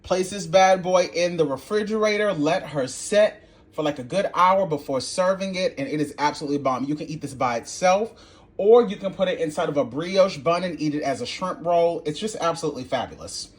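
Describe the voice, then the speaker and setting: A man hosting a home cooking video, talking in a sassy, blunt and animated way with playful exclamations. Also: a little high, a little fast. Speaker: home cooking channel host. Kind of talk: casual cooking tutorial.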